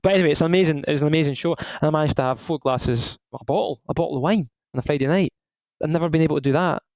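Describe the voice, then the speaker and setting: Speaking quickly in a fairly high voice, this Scottish man in his thirties, once a professional footballer, rambles through casual podcast anecdotes full of restarts. The audio has no echo but is poor in quality.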